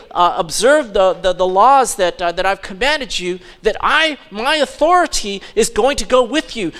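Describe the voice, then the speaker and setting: A man with a high, bright voice delivers a sermon from the pulpit. He preaches with fervent urgency and now and then slips into soft, mocking asides. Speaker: pastor.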